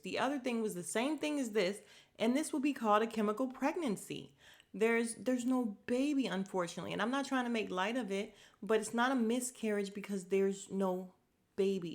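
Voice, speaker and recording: Blunt woman recapping TV. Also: medium pitch. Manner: blunt, opinionated, exasperated commentary with sarcastic asides. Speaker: podcast host recapping a TV show. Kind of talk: casual chat.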